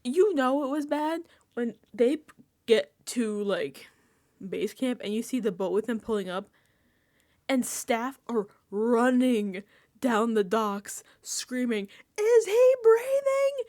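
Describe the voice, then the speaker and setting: A young woman chatting casually on a reality-TV recap vlog, animated and laughing, acting out quotes and swearing freely. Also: fairly high pitch, slow pace, no room sound, studio quality. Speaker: recap vlogger. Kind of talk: casual reality-TV reaction chat.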